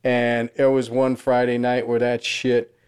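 A man's voice: mid-range voice, monotone, measured pace, darkish tone, smooth. A middle-aged man chatting casually as a podcast host, laid-back, chiming in and telling his own story. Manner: laid-back, chimes in with short replies. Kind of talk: casual chat.

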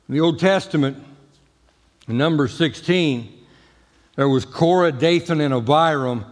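A man's voice: on the high side, unhurried, pauses often, big-room sound. A man preaching a sermon as pastor, talking in a folksy, emphatic way with jokes. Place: church sanctuary.

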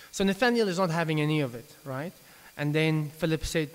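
A man's voice: fairly high pitch, steady tone, moderate pace, fairly bright tone. A man preaching an evening sermon, talking conversationally and often stumbling and restarting his sentences. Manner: conversational, with frequent stammered restarts. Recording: reverberant hall with faint hiss.

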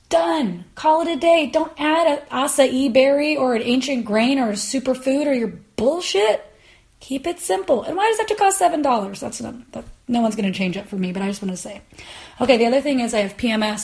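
Brief: woman podcast host, higher voice, sarcastic comic ranter. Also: darkish tone. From United States. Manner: ranting, sarcastic, exasperated. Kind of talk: comedic podcast monologue. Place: Los Angeles.

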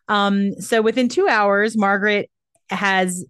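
A woman's voice: fairly low pitch, moderate pace, no room sound, studio quality. A young adult woman co-hosting a podcast, casually retelling history and leading the story with frequent "um" and "I mean". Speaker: podcast co-host.

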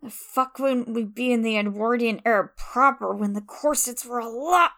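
A woman's voice: a little high, moderate pace, fairly bright tone. A woman voicing a cranky young woman who grumbles and swears about her corset. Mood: grumpy.

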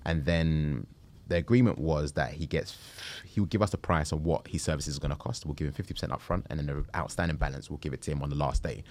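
A man, telling a story in a casual interview, animated and slangy. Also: rumbling low, fast. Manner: animated, slangy, acts out quotes. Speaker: travel group founder.

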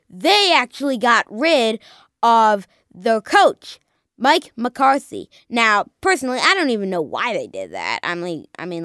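A woman co-hosting a casual sports chat, animated and dramatic as she talks through the week's games. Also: fairly high pitch, no echo, studio quality. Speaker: sports podcast co-host.

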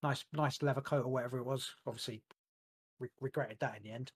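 A man's voice: mid-range voice, steady tone, fast, husky. A man co-hosting a podcast, talking in a rambling, cheeky way and often repeating words. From United Kingdom. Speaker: podcast co-host. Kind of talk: casual podcast chat.

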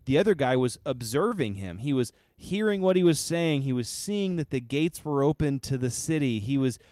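A man's voice: mid-range voice, expressive, moderate pace, mellow, dry recording. A man co-hosting a podcast in casual chat, rambling with many restarts and fillers. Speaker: podcast co-host.

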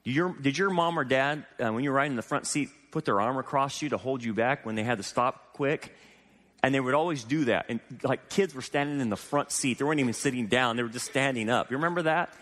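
A man preaching a sermon as pastor, animated and full of rhetorical questions to his congregation. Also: mid-range voice, fast. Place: church sanctuary. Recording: long hall reverb.

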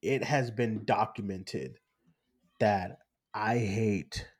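Excitable laughing male podcast co-host. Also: fairly low pitch, very slow, husky. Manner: excitable, laughs often, repeats himself. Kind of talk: casual chat.

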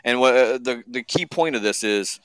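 A man's voice: medium pitch, moderate pace, a bit bright, smooth, dry recording. Blunt, sarcastic man co-hosting. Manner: blunt, sarcastic, reads aloud from a bill. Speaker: podcast co-host. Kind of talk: casual political chat.

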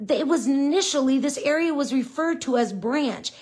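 A middle-aged woman with a Southern US accent, teaching a live-streamed Bible study in an unhurried, conversational way, and she gets indignant when she talks about critics. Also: sits high, lively intonation, a little mellow, husky.

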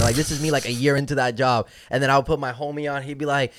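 A man's voice: mid-range voice, steady tone, quick pace, hardly any pauses, no room sound. Young man telling stories. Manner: rambling storytelling with many restarts, switching into Spanish phrases. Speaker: podcast guest. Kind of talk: casual chat. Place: podcast studio.

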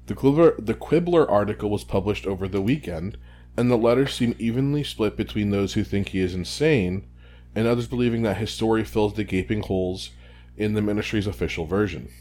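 A man's voice: lowish voice, a little fast, mellow. A man co-hosting a casual podcast, summarizing a book chapter in a laid-back, joking way. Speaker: podcast co-host.

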